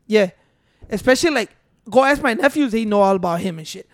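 A woman's voice: mid-range voice, lively intonation, fairly quick, dry recording. A woman chatting casually on a podcast, cursing freely and switching between English and Spanish. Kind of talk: casual chat.

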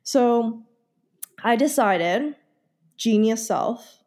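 A woman co-hosting a podcast, telling a story in casual chat, animated and swearing freely as she acts out phone calls. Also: fairly high pitch, drawn-out words. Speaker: podcast co-host.

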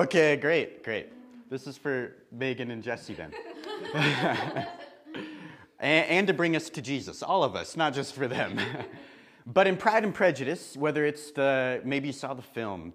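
A man preaching a sermon in church, chatty and lively, with laughing asides. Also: medium pitch.

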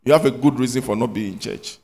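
A man teaching a church class, quizzing children and scolding them in an animated, loud questioning manner. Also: mid-range voice, quick pace, gravelly. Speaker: Sunday school teacher.

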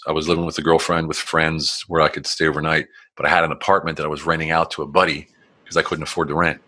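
A man's voice: deep voice, bright, forceful tone. A man in his forties, a guest telling his life story in casual, blunt, rambling talk with plenty of swearing and acted-out quotes. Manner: frequent restarts and fillers, acts out quotes.

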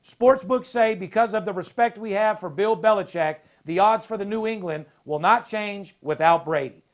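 A man's voice: high voice, moderate pace. A man hosting a sports betting podcast, talking brashly and profanely, all hyped up. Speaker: podcast host. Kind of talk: casual sports betting talk.

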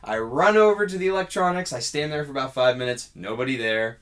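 A man's voice: mid-range voice, fast talker. Man telling a story, casually. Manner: animated storyteller acting out dialogue. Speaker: podcast co-host.

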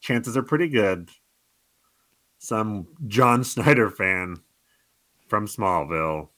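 A man co-hosting a casual podcast, joking and slipping into quick mock voices. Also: lowish voice, a bit bright, dry recording. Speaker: podcast co-host.

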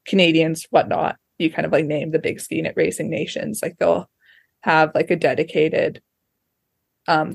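Woman, young, ski racer guest, low voice, dry close sound, chatty with fillers. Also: vocal fry, no room sound. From Australia. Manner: chatty, many fillers and restarts. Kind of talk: casual interview chat.

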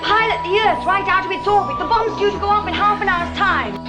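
A woman's voice: very high-pitched, a little fast. A woman acting in a 1960s television drama, heard in an old clip. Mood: urgent. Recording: old TV clip with loud music.

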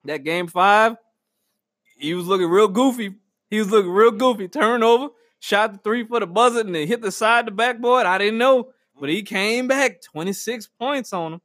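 A high-voiced man hosts a podcast in a loose, comedic monologue. He slips into acted-out quotes and laughter. The recording is bone-dry, with no room sound. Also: normal speed, no room sound. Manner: animated, slangy, acts out quotes with laughter. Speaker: podcast host.

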